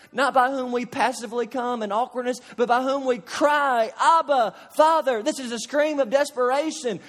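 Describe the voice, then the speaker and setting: A man preaching a sermon as pastor, earnest and building to impassioned cries. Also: extremely high pitch. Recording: long reverb of a large hall.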